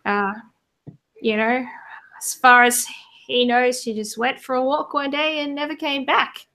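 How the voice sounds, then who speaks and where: A woman's voice: high voice, little pitch movement, a little slow, sharp tone. A woman running a tabletop game as game master, chatting hesitantly with plenty of fillers and voicing townsfolk.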